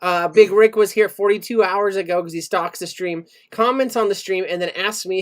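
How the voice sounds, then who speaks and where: A man hosting a casual podcast, trading jokes and laughing easily as he reads chat shout-outs. His delivery is loose and playful. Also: high voice, moderate pace. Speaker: podcast host.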